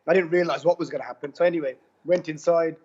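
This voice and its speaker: A man tells his own story in an interview, loose and slangy, circling back and repeating himself as he goes. His voice sits a little high for a man. The recording is muffled and lo-fi. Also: steady tone, quick pace, a little mellow, slight background noise. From United Kingdom. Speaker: interviewee giving a testimonial. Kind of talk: casual storytelling. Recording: dull lo-fi sound.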